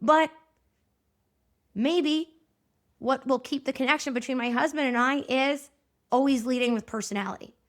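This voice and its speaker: A woman in her thirties hosting a podcast, giving a chatty, animated solo talk straight to her listeners. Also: sits high, moderate pace, long pauses. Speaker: podcast host.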